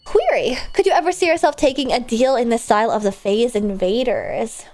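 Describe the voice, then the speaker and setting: A woman streamer chatting casually and rambling with lots of fillers, breaking into sudden loud outbursts while she plays a game. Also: a little high, normal speed, faint music behind. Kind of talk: casual live-stream chat while gaming.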